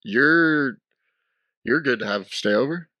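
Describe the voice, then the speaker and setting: A man's voice: mid-range voice, animated, slow, dry recording, dull audio. A young man hosting a podcast, bantering casually and swearing freely as he tells stories. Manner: profane, laid-back banter. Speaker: podcast host.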